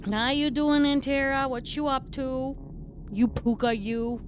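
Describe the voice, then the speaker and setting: A woman's voice: high-pitched, fairly even intonation, measured pace, slight background noise. A woman playing a brash, foul-mouthed redcap fae, a tough mechanic, who chats in character on a live stream with a New York-ish accent and rambling, streetwise talk. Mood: gruff banter.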